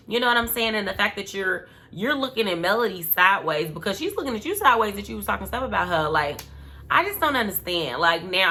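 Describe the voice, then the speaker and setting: Woman recap host, loose and opinionated, lots of "like" and "you know", bright tone. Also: lowish voice. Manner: chatty, opinionated, slangy with many fillers. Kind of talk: casual recap commentary.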